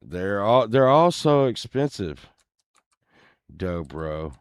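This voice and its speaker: A man's voice: fairly low pitch, very animated, takes it slowly, clean tone, dry recording, clean studio sound. A man chatting casually to viewers while browsing listings, laid-back and mumbling, with muttered asides and cursing.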